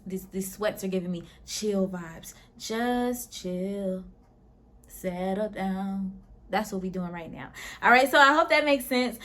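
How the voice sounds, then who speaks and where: Upbeat young woman, spiritual pep talk. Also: fairly high pitch. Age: 20s. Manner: lively, slangy and encouraging, with frequent laughs. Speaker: host. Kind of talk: casual spiritual pep talk and guided meditation.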